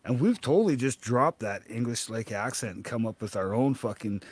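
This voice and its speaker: Canadian man, casual co-host, mid-pitched, loose and profane. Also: lively intonation, normal speed, husky, no echo. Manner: swears often, laughs, rambling. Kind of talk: casual chat.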